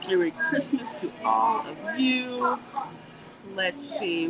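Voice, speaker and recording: A woman hosting a casual livestream while walking through a theme park, reading viewer comments and chatting in an animated way. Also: a little high, slow pace. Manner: chatty and animated, warm greetings, laughs often. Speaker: livestream host. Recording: noisy outdoor livestream audio. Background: park ambience and music.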